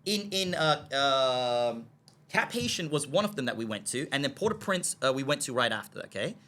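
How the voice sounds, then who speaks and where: A man telling a story as a podcast guest. He acts out the dialogue in the scenes he describes, keeps checking in with "okay?", and stammers and repeats words when he gets excited. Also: mid-range voice, normal speed.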